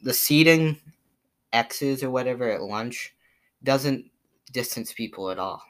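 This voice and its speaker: A teenage boy with a Boston accent rambles through his pet peeves in a casual vlog monologue full of fillers, sounding mildly exasperated. His male, mid-range voice is animated but unhurried.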